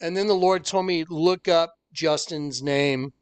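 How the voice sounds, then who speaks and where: With a somewhat high voice and a slightly slow delivery, this man recounts something from his own life to his audience. As an online preacher who hosts his own channel, he speaks earnestly and insistently, animatedly playing out the people he quotes, all in a clean tone.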